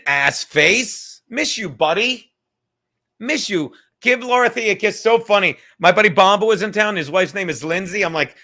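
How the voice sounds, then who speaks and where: A man's voice: sits high, lively intonation, unhurried, sharp tone. A tired man hosting a casual live stream from home, rambling and swearing, with joking asides to the chat. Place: home room.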